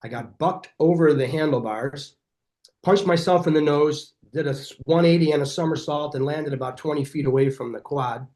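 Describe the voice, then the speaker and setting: Energetic middle-aged man telling stories. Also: a little high, normal speed. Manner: energetic, animated storyteller who acts out quoted dialogue. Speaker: chiropractor guest. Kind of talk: podcast interview storytelling.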